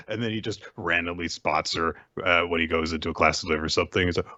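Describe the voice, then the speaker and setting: A man's voice: low-pitched, quick pace, hardly any pauses, dull audio. A man co-hosting a casual podcast, recapping chapters and laughing as he tells the story. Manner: laughing, animated storytelling with acted-out quotes. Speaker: podcast co-host. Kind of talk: casual manga recap chat.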